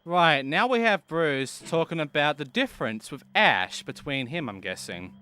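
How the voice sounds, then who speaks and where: A man's voice: fairly high pitch, big pitch swings, normal speed, pushed and bright, smooth. A man hosting a let's play, commenting on gameplay in an offhand, profane way.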